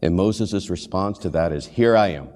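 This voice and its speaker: A low-voiced man preaches a sermon, speaking earnestly and putting questions to his listeners. He briefly acts out the lines he quotes. His voice carries a long reverb from the church sanctuary. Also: normal speed, a little mellow. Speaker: pastor and hospital chaplain.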